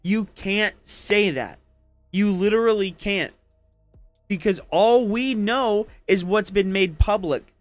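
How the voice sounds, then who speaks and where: A man's voice: high voice, slow pace, no room sound, soft background music. Angry, profane man arguing politics. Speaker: debate participant. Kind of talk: heated political argument.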